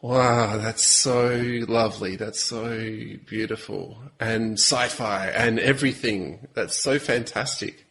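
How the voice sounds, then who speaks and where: A man who hosts a podcast interview, offering quiet, affirming interjections. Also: lowish voice, takes it slowly, few pauses, a little hiss or hum. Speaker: podcast host.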